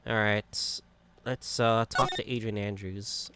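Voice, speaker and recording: A man casually reading and playing through a game in an offhand, mumbling way, over loud background noise. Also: fairly low pitch, steady tone, slow pace. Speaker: gaming YouTuber.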